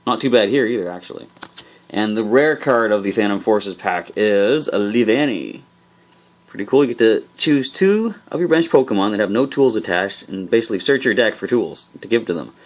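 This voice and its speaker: Man, host, casual unboxing commentary, upbeat, chatty, talks to viewers. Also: mid-range voice. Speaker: host of a card game channel. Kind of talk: casual booster pack opening commentary.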